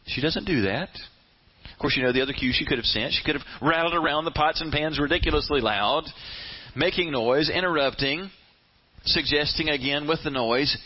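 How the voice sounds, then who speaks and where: A man preaching a sermon, retelling a story with animated flair and asking the audience questions directly. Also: medium pitch, moderate pace. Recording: dull lo-fi sound.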